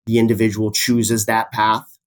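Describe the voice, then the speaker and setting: A man, a business professor explaining his ideas as a podcast guest in a steady way, citing many figures. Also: lowish voice, normal speed. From Canada. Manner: steady, fact-heavy, cites statistics, repeats key phrases.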